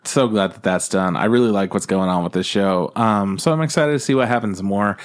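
A man's voice: lowish voice, a little fast. A man co-hosting a podcast in loose, rambling chat, swearing freely and laughing often. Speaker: podcast co-host. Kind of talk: casual chat.

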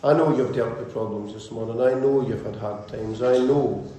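A man's voice: mid-range voice, normal speed, dark tone, slight background noise. A male pastor preaching a sermon with fervent, repetitive, rhythmic build-ups. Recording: very echoey church hall, faint ambience.

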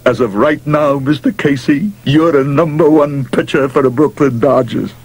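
A man voicing a brash, loud-mouthed baseball manager who talks gruff tough-guy slang and shouts orders. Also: on the high side, moderate pace, pitched above the performer's own voice. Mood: pushy, scheming. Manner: pushy, excitable, barks and shouts.

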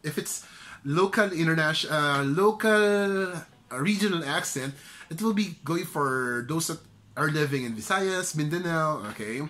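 A man's voice: fairly high pitch, lively intonation, unhurried, pushed and bright. A middle-aged Filipino man giving loose, chatty career tips, often checking in with "okay?". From Philippines. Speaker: career trainer. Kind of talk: casual instructional vlog.

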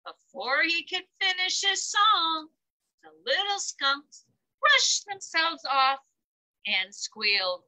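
A woman at a library reading a children's story aloud, with very expressive delivery and playful sound effects. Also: sits high, extremely slow, low-quality recording. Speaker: library story time reader.

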